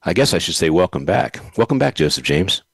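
A man's voice: deep voice, very animated, fairly quick, gravelly, fairly bright tone, slightly rough, no echo. A man hosting a podcast, chatting casually and telling rambling stories with frequent laughs. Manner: rambling storyteller, laughs often. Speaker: podcast host. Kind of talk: casual chat.

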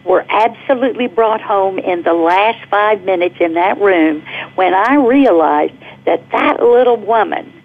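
A middle-aged woman calling in to a radio talk show, telling a personal story with animated energy and laughing as she goes. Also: medium pitch, unhurried. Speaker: caller guest. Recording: tinny phone line.

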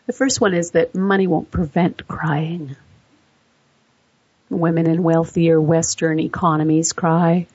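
A woman narrating an explanatory voice-over, measured and setting out facts point by point. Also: low-pitched, darkish tone, husky, no room sound. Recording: dull lo-fi dry recording.

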